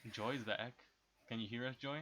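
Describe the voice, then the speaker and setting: A man's voice: mid-range voice, fairly even intonation, moderate pace, background noise. A man playing a tabletop game online, chatting and joking with the other players. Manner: joking, laughing often. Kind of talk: casual chat during a tabletop game.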